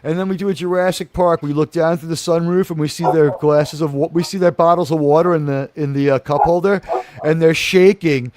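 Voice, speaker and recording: A man hosting a casual comedic talk show, animated and rambling, with many restarts. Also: fairly high pitch, brisk.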